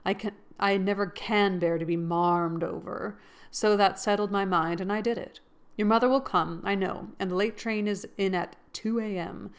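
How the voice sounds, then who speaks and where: A woman's voice: mid-range voice, fairly even intonation, normal speed, smooth, close to an everyday voice. A woman doing a mischievous, eager young man. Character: cheerful, mischievous young man, kindly friend.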